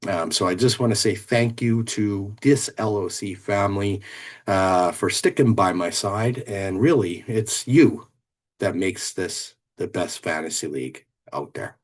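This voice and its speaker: A man who runs a fantasy football league, giving a heartfelt thank-you and stopping often on fillers. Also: fairly low pitch. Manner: hesitant, many fillers.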